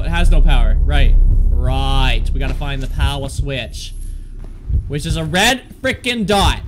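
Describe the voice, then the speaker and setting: His voice is high and fairly bright, with a little background noise, as this gaming channel host works through a horror game. Frights make him yelp and panic, he swears plenty, and he keeps up joking self-talk aimed at viewers and the game.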